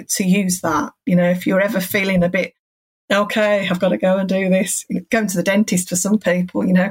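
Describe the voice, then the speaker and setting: Calm encouraging woman. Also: fairly low pitch. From England. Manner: calm, encouraging, rambling explanations. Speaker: cancer support centre guest. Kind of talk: podcast interview.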